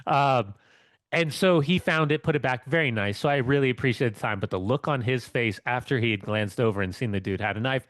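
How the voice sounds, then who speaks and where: A man's voice: mid-range voice, brisk, a bit bright. A man co-hosting a casual podcast, who rambles through long anecdotes and keeps circling back with restarts. His voice sits in a middle register and sounds close and dry, with no room echo. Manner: rambling storyteller with many restarts. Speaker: co-host.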